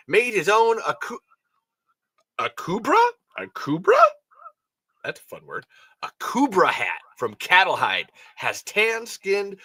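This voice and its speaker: Bright-voiced, rambling man reading aloud. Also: on the high side, no echo. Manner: casual, rambling, self-correcting. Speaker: podcast host. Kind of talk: reading fan fiction aloud with asides.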